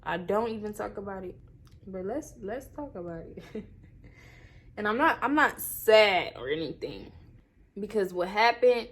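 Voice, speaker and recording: Tearful young woman vlogger. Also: mid-range voice. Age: 20s. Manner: tearful, laughing through tears, rambling with many fillers. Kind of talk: emotional storytime.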